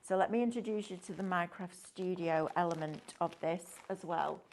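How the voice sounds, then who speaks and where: A woman's voice: lowish voice, brisk, darkish tone, slight background noise. A woman presenting a craft shopping show, upbeat and enthusiastic, chatting and asking tag questions as she demonstrates products. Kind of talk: chatty live sales demonstration.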